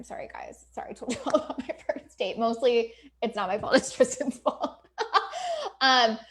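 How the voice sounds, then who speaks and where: Chatty woman coaching on a livestream. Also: mid-range voice. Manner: chatty, emphatic, lots of "like" and "right?"; acts out quoted client voices. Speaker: business coach. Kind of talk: casual live video talk to viewers.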